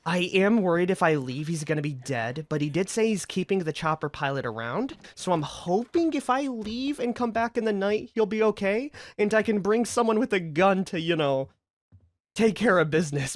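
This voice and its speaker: A man giving casual, excitable commentary as he plays a video game. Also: high voice, normal speed, no echo. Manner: chatty, excitable reactions. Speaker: gaming video creator.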